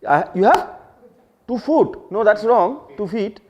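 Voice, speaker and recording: A man's voice: high voice, animated, takes it slowly, a little mellow. A man with an Indian English accent teaching an English class, switching into Hindi to explain words and quizzing his students. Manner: explains word meanings, asks the class questions, repeats key phrases. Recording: dull lo-fi classroom recording.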